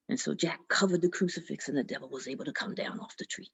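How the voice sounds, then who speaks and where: Gravelly, expressive woman storyteller. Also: sits low, fast talker, hardly any pauses. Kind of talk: folk tale storytelling. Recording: dull lo-fi recording.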